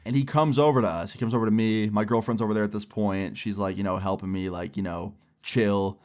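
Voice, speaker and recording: A young man casually telling a story, animated and swearing often, with lots of "like". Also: on the low side, fairly quick. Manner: animated, swears a lot, frequent "like".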